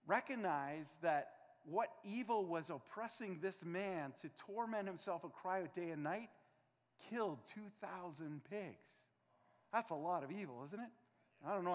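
A pastor delivering an earnest, emphatic sermon, his voice sitting notably high for a man. The sound carries a long reverb from the church room around him. He acts out scenes from the text with dramatic emphasis. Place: church sanctuary.

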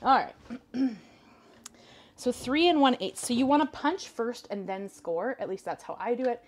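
A woman's voice: fairly high pitch, lively intonation, moderate pace. A young woman from Canada hosting a crafting live stream, chatting casually with viewers and her cat while she works. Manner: chatty, indecisive, talks to chat and her cat. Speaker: craft video host.

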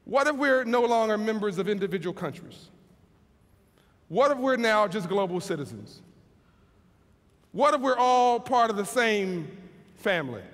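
A man giving an inspirational keynote speech in an event hall, telling stories with emphatic, slowed phrases and frequent restarts. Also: high-pitched, big pitch swings, fairly bright tone. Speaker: keynote speaker. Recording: long reverb of a large hall.

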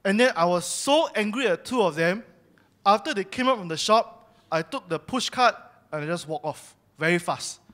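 A man's voice: high voice, animated, moderate pace, fairly bright tone. A young man giving a personal testimony sermon at church, telling his story candidly and confessing his own faults. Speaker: church speaker sharing testimony.

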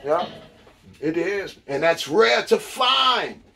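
A man's voice: high voice, very animated, slow, creaky, bright, forceful tone, husky. A man doing a profane, preachy rant into the camera, hammering the same phrases over and over. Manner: repetitive, emphatic, preachy. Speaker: vlogger. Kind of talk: profane street-talk rant.

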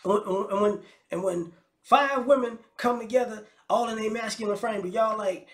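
A man's voice: high voice, normal speed, fairly bright tone. A man giving a casual comedic rant on video, mocking and incredulous, often laughing and stumbling over repeated words. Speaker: commentary vlogger. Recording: roomy echo.

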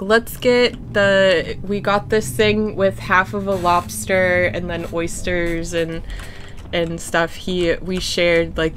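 A young woman streams a game from home, talking slowly in a slightly low voice. She tells stories in a chatty, giggly way and gets animated when quoting other people. A faint noise sits behind her. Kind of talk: casual gameplay chat.

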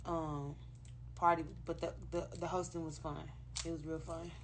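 Low-voiced woman on a noisy livestream. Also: level tone, moderate pace. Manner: loose, profane, rambling. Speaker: rapper on a livestream. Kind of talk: casual livestream chat to fans.

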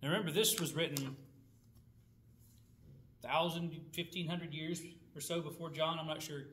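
High-voiced man teaching a Bible study. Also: fairly even intonation, normal speed, fairly bright tone, slight background noise. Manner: conversational, asks rhetorical questions, reads scripture aloud.

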